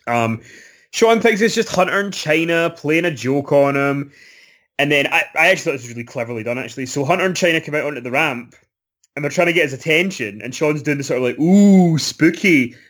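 A man co-hosting a casual chat show, recapping in a relaxed way with fillers. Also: a little high, fast talker. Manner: relaxed, recaps with fillers and little acted quotes. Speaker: podcast co-host.

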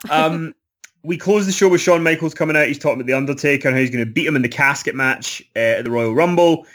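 Relaxed man recapping with many ums. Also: fairly high pitch, fast talker. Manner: relaxed, recaps with fillers and little acted quotes. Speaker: podcast co-host. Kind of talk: casual chat recapping wrestling.

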